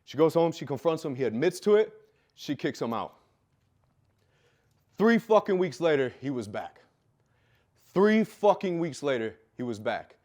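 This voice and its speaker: A man telling a raw personal story with heavy swearing, dropping low and quiet, then bursting out loud. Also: sing-song, measured pace, long pauses. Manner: profane, intense, swings from quiet to loud; loud, self-described. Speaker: fitness business coach telling his life story.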